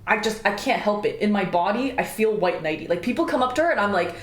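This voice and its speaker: A woman's voice: medium pitch, fast talker, echoey room. A woman streamer chatting casually while reacting to clips, laughing often and swearing freely. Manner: giggly, swears often, animated.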